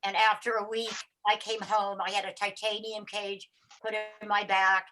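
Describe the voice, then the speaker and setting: An older woman telling her own recovery story on a live talk show, acting out what people said and sometimes crying out loudly. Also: mid-range voice, level tone, moderate pace, faint music behind. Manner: acts out her own cries and other people's voices, getting loud and shouty.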